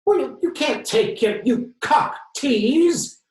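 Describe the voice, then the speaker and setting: A pompous, predatory older man in a suit , put on by a male performer, sneering down at the listener. His voice is pushed high and loud. The sound rings in an echoey room. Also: lively intonation, slow pace, full character voice. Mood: indignant. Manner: haughty and sneering.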